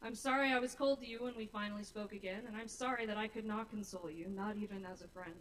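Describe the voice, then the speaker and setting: A woman's voice: medium pitch, fairly even intonation, quick pace, a bit bright. A young woman on a small bar stage reads her rhymed spoken-word poems with nervous sincerity. She stands a bit back from the stage mic, so her voice sounds slightly distant. A faint hiss of room noise sits under the live recording. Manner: nervous, earnest rhyming delivery. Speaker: open mic poet. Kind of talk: spoken-word poetry performance.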